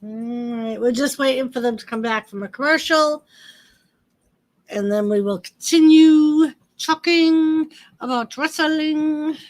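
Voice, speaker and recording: A high-pitched woman hosts a casual livestream, taking things slowly as she chats about wrestling and greets viewers by name.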